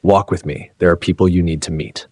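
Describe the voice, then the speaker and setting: A patient, wise wife speaks in measured, firm sentences, voiced by a man. The voice sits very low with a husky grain, and the recording is close and dry. It suits a narrated story. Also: fairly even intonation, darkish tone, no echo.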